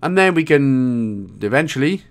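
Lively jokey man narrating a game walkthrough. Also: medium pitch, measured pace, creaky. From Wales. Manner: casual, jokey, reads out dialogue in put-on voices. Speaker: game guide creator. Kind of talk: walkthrough commentary.

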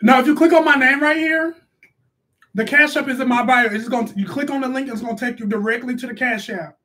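A bossy, sassy mother who snaps at her kids between shout-outs, as a man puts her on in a high voice. She talks brash and quick to scold, hosting a comic live stream from a bedroom. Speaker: live stream host reading donations. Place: bedroom at home.

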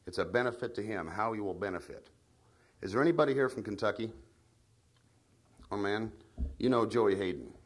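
A man giving a folksy training speech at a meeting, telling anecdotes and drawing the audience in with tag questions. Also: on the low side. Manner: tells anecdotes. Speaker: trainer of field staff.

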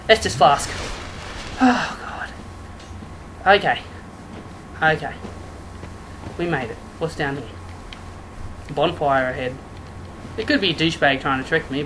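Excitable gamer yelling through gameplay. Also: mid-range voice, a little slow, pauses often, background noise. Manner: excitable, yelps and shouts at the game; sarcastic, joking asides to viewers. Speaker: let's play gamer. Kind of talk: live gameplay commentary.

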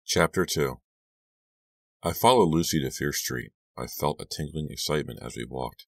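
A man narrating a scary audiobook in a measured, hushed storytelling manner, lifting his voice for the dialogue. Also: extremely low pitch, vocal fry. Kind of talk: scripted narration.

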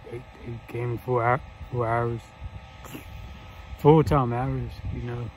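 A man's voice: medium pitch, fairly even intonation, takes it slowly, a little mellow, slight background noise, rough recording. A man hosting a casual reaction vlog, laid-back and slangy, laughing often. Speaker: reaction channel host.

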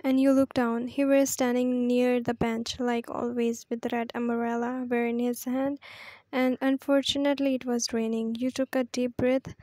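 Brief: woman story reader, high and flat, dry close sound. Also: moderate pace, no echo. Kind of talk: reading a fan story aloud.

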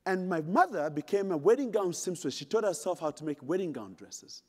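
Giving a keynote in a large conference hall, a middle-aged man from Uganda speaks in a high, very animated voice at a fairly quick pace. His delivery is dramatic and humorous as he tells a story and addresses the audience directly, with long hall reverb throughout.

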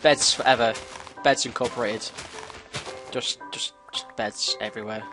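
Excitable gamer talking to himself, bright and punchy, faint music under him. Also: male voice, mid-range voice, unhurried, long pauses. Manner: excitable, talks to himself, sudden yelps. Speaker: gameplay commentator. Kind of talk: casual gameplay commentary.

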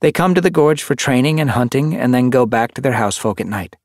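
A man's voice: mid-range voice, animated, quick pace, a little mellow, no echo, studio quality, voice pushed up, natural voice. A man voicing an earnest female cat who leads her clan, in an audiobook.

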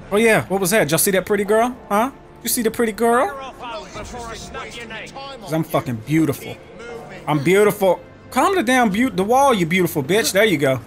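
A man giving brash, joking commentary while playing a video game, taunting enemies and talking to viewers. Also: high voice. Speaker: gaming YouTuber. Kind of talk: profane gameplay commentary. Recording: music playing behind.

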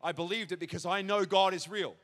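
Preacher, high voice, big hall. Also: male voice, fairly even intonation, fairly quick. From Australia. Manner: storytelling, acts out shouted child's cries. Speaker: pastor. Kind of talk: testimony sermon. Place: large church auditorium. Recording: long hall reverb.

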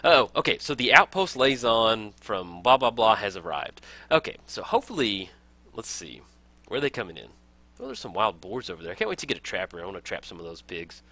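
An upbeat young man walks viewers through a strategy game in a casual tutorial voice. His lowish voice has a bright edge, and his pitch swings widely as he gets excited. He laughs easily and cheers at small finds. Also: fairly quick. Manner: upbeat, enthusiastic, laughs often. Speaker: gaming let's play host.

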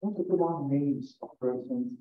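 A man who is a priest giving an informal scripture reflection, animated, acting out Jesus' words as he tells the story. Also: medium pitch, normal speed. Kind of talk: informal sermon. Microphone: video call. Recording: echoey, distant, phone-like online call.

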